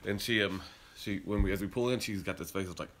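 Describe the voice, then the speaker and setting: A podcast host from Utah, US, tells a story casually and ramblingly, often restarting, until it turns heated and emphatic. His voice is deep, fast, and fairly bright, with a little hiss or hum, recorded in a garage and car, indoors and out.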